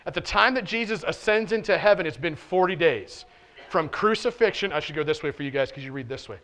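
A man preaching a sermon with a slightly raised pitch. He talks loosely and conversationally, using many fillers and restarting sentences, and he drops in playful asides. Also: animated, a little fast, a bit bright. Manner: casual and conversational, with frequent "like" and restarts; playful asides and short laughs while preaching. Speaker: pastor. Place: church.

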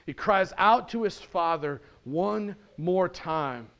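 Pastor, American man, high pitch; preaching that swings between hushed intensity and exultant shouting. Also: expressive, slow, vocal fry. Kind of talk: sermon.

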